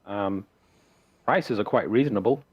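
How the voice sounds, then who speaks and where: A man voicing a cheerful, eager male shopkeeper who greets strangers in a bright, welcoming way. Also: lowish voice, measured pace, husky, no echo, lo-fi sound. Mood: cheery.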